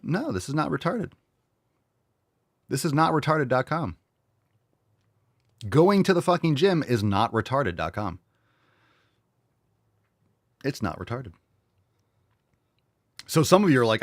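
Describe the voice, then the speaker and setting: Male host, swinging lively pitch, brash and profane, dry close sound. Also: slow pace, pauses often, no echo. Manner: brash, profane, mocking and animated. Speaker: show host. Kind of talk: casual merch pitch monologue.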